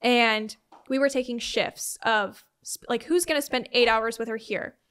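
A woman's voice: a little high, fairly even intonation, a little slow, a bit bright, clear, resonant tone. A young woman guest in an interview, telling a family story in a conversational way, full of "like" and "um" fillers and quoted dialogue. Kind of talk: personal storytelling in a sit-down interview.

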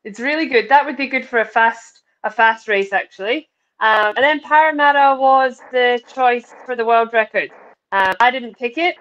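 A woman's voice: fairly high pitch, normal speed. Scottish woman on a muffled video call. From Scotland. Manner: friendly, relaxed, upbeat. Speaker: runner, interview guest. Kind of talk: casual video-call interview. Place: bedroom wardrobe at home. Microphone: video call over a weak connection.

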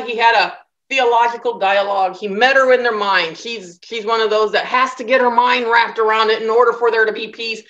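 A woman's voice: fairly high pitch, fairly bright tone, lo-fi sound. A woman teaching a Bible study lecture in a conversational way, reading scripture and acting out the quoted speakers. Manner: conversational, acts out quoted voices.

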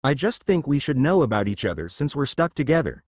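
A man reading the lines of a brash, cocky teenage boy ninja in a storybook, in a lively voice. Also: medium pitch, brisk, dry recording. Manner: cocky and blunt.

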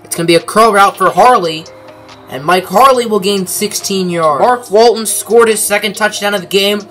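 Young man, gaming commentator, high-pitched, bright voice, play-by-play sportscaster style, dry asides, faint music behind.

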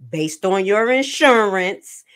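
A woman nurse giving casual, animated commentary on clips as a stream host. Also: medium pitch, takes it slowly, smooth. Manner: animated, jumps to loud bursts.

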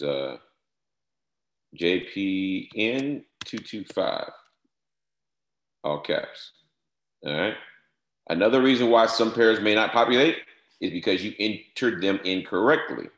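A man with a very low, deep voice talks through a screen-share tutorial one step at a time, spelling out entries and repeating short cues. The sound bounces around a bare, echoey room. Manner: step-by-step instructions, repeats "all right" and "no space, comma". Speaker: software trainer.

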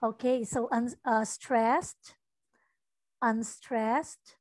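A high-pitched woman teaching English online, speaking in an unhurried, deliberate way. She patiently repeats lines to show where the stress falls. Her voice sounds close and dry, with no room around it. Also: steady tone, dry recording. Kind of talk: online tutoring lesson.

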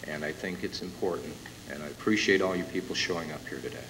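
Male emcee, low voice, impassioned intro; long hall reverb on old tape. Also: fast. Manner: emotional, building to loud announcements. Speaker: event emcee introducing the speaker. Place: conference hall with a live audience. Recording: echoey hall from far off, hissy tape.

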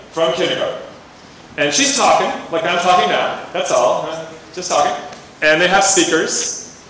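A man giving a lively presentation to a room of teachers, telling stories and putting questions to the audience. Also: mid-range voice, slight background noise. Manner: animated storytelling, asks the audience questions. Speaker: education speaker. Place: meeting room or hall with an audience. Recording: echoey room, distant mic, faint ambience.

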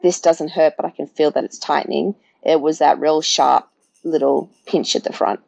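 A woman's voice: deep voice, fairly even intonation, moderate pace, gravelly, a little mellow, no echo, rough recording. A woman, a podcast guest chatting through her birth story and acting out her own past words. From Australia.

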